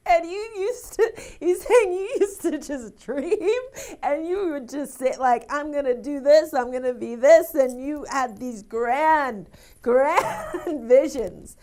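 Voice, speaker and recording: A woman's voice: sits high, lively intonation, takes it slowly, darkish tone. A young woman working as a psychic medium, relaying messages emotionally, laughing and close to tears. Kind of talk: live TV psychic reading.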